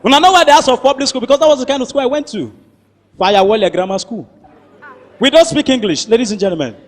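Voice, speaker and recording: A man with a Nigerian accent doing stand-up comedy in pidgin, telling stories with animated voices and shouted sound effects. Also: very high-pitched, fast, big-room sound. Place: large hall before a live audience.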